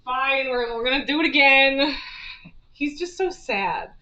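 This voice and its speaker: A woman's voice: high-pitched, measured pace, bright, forceful tone, echoey room, distant mic, lo-fi sound. A woman streaming from her home kitchen, chatting casually and laughing often while she baby-talks to her cat. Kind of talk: casual live-stream chat while baking.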